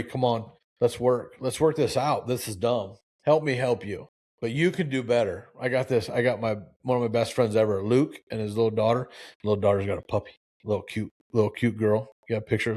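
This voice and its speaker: A man in his forties hosting a live talk show, preachy and animated, with lots of restarts and acted-out quotes. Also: mid-range voice. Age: 40s. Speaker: show host.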